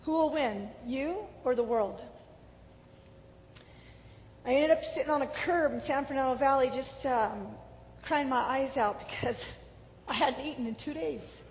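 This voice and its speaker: A woman's voice: unhurried, pauses often. A middle-aged woman telling her life story as a personal testimony, earnest and emotional. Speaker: speaker giving testimony. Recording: hall reverb with faint rumble.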